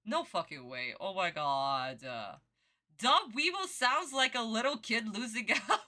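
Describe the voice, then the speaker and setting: A woman's voice: a little high, very animated, unhurried, pushed and bright. Bubbly woman streamer gushing at her chat. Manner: gushing, laughing, greets chat with pet names. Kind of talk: live reaction stream chat.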